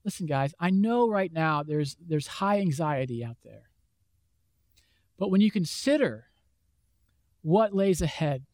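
A man's voice: a little high, a little mellow, dry recording. A man preaching a conversational sermon as a pastor, acting out the questions of imagined listeners. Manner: conversational, acts out imagined voices.

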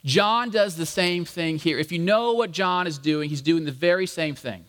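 A man's voice: fairly high pitch, moderate pace, a bit bright. A man preaching a casual, conversational sermon, talking to the congregation as "guys" and acting out quoted lines. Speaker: pastor. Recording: long hall reverb.

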